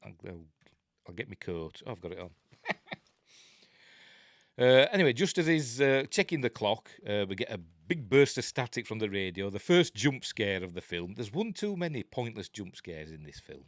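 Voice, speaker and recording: A man from Yorkshire, England, with a Yorkshire accent reviews a horror film as casual commentary, rambling and joking with plenty of ums and uhs. His voice sits on the low side and is sing-song at normal speed, captured in clean studio sound without echo.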